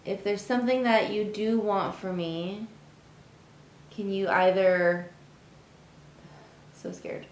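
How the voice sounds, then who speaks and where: A woman's voice: medium pitch, fairly even intonation, slow, echoey room, low-quality recording. A woman investigating the paranormal who asks a spirit for a sign in a tentative, nervous way. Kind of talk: calling out to a spirit.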